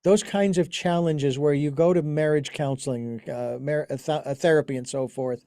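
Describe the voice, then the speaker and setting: A man's voice: a little high, fairly even intonation, moderate pace, warm tone, dry recording. A man hosting an interview, telling long anecdotes in casual chat with many restarts and fillers. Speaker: podcast host.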